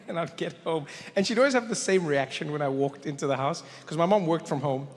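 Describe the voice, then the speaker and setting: A male stand-up comedian telling a story on stage in a large hall, animated and slipping into voices. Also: on the high side, fairly quick.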